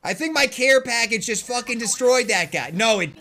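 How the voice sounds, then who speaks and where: A young man streaming a shooter game, trash-talking opponents and cheering his own plays with brash, excited commentary. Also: very high voice, moderate pace. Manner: brash trash talk with excited yelps and laughs. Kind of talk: live gameplay commentary. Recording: noisy game audio behind voice. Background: gunfire from the game.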